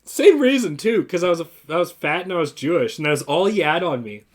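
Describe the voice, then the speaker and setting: A man's voice: on the high side, quick pace. A man co-hosting a casual talk show, telling a story with lots of swearing and acted-out quotes. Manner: profane, heavy swearing; lively anecdotal delivery with voiced-out quotes.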